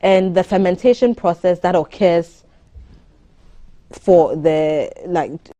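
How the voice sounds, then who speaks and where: A woman, a doctor giving measured advice on a morning TV show. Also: on the low side, highs cut off, noisy background. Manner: explanatory, measured, advisory. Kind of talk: studio interview on a morning TV show.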